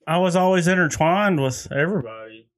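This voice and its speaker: A man who is a podcast guest speaks in a casual, reflective way, weighing his words. His voice is notably high for a man. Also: expressive, brisk.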